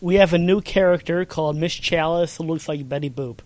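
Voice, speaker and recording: A man's voice: on the high side, fairly quick. A man co-hosting a podcast in casual chat, eager and stammering as he restarts. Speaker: podcast co-host. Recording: noisy background.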